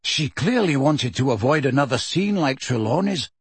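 A man's voice: medium pitch, animated, moderate pace, slightly rough, no echo. Audiobook: man plays self-important teen boy, pompous and wise-sounding. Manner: sage, pompous.

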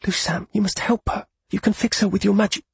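An affectionate but fiery young woman, as a man puts her on for an audiobook, pitched well up from a gravelly, husky base. She pleads softly and turns sharp when angered. The recording is dry and close. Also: steady tone, fairly quick, no echo, heavily acted. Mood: angry. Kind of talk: audiobook character voice.

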